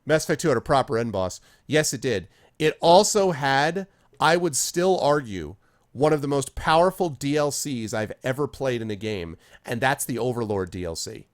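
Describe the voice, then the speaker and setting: A man on a live game stream, rambling through casual chat as he plays and answers viewers by name. His pitch swings widely from sentence to sentence, often jumping up with excitement. He sits at a middling height in pitch overall. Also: normal speed. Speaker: streamer reading chat while playing.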